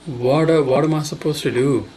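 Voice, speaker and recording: A man's voice: a little high, steady tone, moderate pace, dark tone, slightly rough, low-quality recording. A young man from Tamil Nadu streaming casually while coding, muttering in frustration and swearing a lot. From Tamil Nadu, India.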